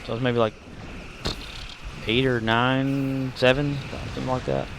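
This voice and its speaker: A man's voice: medium pitch, little pitch movement, unhurried, background noise. A man, chatting casually and rambling with many fillers while streaming a game. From Southern United States. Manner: rambling and jokey, heavy on fillers. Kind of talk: casual gaming commentary.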